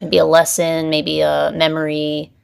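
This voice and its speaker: A woman hosts a podcast interview, earnest and encouraging in her questions. Her voice is very low and smooth. A gravelly fry runs through it. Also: completely flat delivery, unhurried, darkish tone. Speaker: podcast host. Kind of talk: interview conversation.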